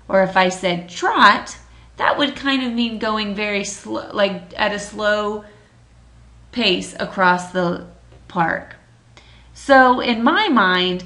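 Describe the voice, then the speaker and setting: Slow, bright-voiced woman teacher. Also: medium pitch. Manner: slow, deliberate, explaining step by step. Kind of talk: classroom writing lesson.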